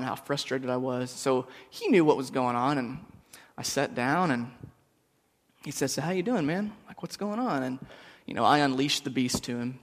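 A man's voice: medium pitch, fairly bright tone. A man on a church staff giving a casual, storytelling sermon, joking with the congregation. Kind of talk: conversational sermon. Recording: long hall reverb.

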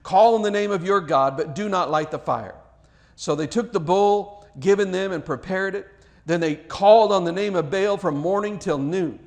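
A man's voice: sits high, moderate pace. A male pastor reading scripture, praying and preaching an earnest sermon, lifting his voice on quoted cries and repeating words as he speaks freely.

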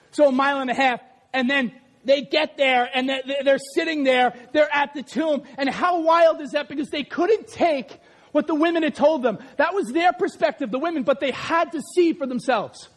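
A male pastor with a very high voice delivers a lively sermon. He acts out scenes and raises his voice to a shout at the peaks. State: out of breath after acted run.

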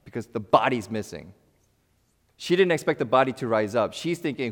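Lively man preaching in a reverberant hall. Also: medium pitch, normal speed. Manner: animated, conversational preaching with big swings in loudness and playful asides. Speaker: pastor. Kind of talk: sermon.

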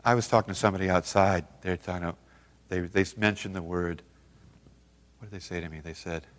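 A man's voice: low voice, steady tone, fairly quick. A man telling stories at a men's seminar, acting out both sides of his conversations. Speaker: seminar speaker. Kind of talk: storytelling talk to a men's group. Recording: long hall reverb.

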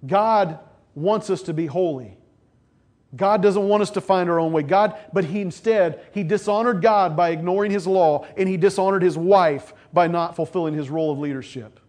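A man preaching, his voice sitting high for a man. He tells the story with energy and slips into the voices of the people in it. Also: normal speed. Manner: animated preaching, acting out voices of scripture figures. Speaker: pastor. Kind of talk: sermon.

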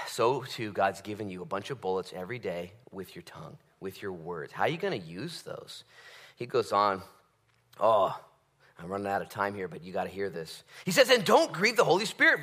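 A man preaching a conversational sermon, swinging from loud bursts to hushed asides. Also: fairly high pitch. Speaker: pastor.

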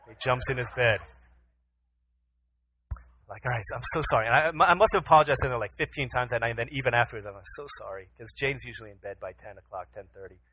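Bright-voiced man preaching with a story. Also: mid-range voice, quick pace, no echo, low-quality recording. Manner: storytelling, acts out his own pleading voice to his toddler. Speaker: pastor. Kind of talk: sermon with a personal story.

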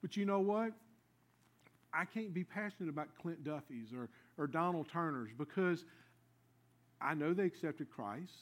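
Male preacher, folksy storyteller, slightly high voice, loud and lively one moment, hushed and earnest the next. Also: moderate pace, pauses often. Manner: folksy storyteller, shifts between loud lively asides and quiet earnest lows. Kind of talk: sermon with storytelling.

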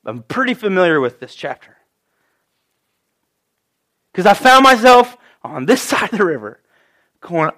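A man preaching an animated sermon, acting out the voices of the people he quotes. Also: high-pitched, brisk. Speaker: pastor.

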